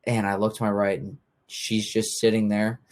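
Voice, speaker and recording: Lower-voiced young man hosting a chat. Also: level tone, normal speed, darkish tone, a little hiss or hum. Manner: easygoing storytelling with acted-out quotes. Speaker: podcast host. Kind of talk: casual chat.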